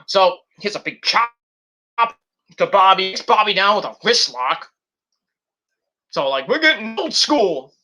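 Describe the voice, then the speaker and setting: A man casually recapping a wrestling show in a vlog, animated and swearing freely as he acts out what people said. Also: sits high, measured pace, pauses often.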